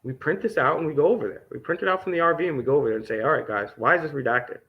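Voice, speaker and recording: Talking very fast in a fairly high voice, an independent news host vlogs while reading documents out loud. His running commentary is sarcastic and indignant, with swearing throughout, over a dull lo-fi recording.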